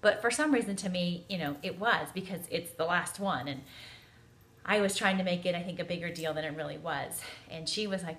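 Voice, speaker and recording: A woman in her forties telling a family story in a chatty, animated way, acting out the quotes. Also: fairly low pitch, brisk. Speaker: parenting vlogger. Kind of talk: casual storytelling to camera.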